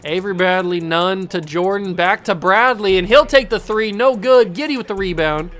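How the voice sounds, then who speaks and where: Excitable high-voiced man calling game plays. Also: moderate pace, faint music behind. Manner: excitable, yells at his players, then blames himself. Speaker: gaming YouTuber playing a basketball video game. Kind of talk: casual live gameplay commentary.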